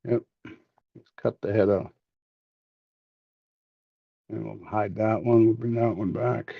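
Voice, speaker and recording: A man's voice: fairly low pitch, fairly even intonation, takes it slowly, creaky, slightly rough, no echo. A man hosting a casual livestream from a workshop, demonstrating 3D scanning while joking and rambling with plenty of fillers and restarts. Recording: slightly dull, lo-fi stream audio.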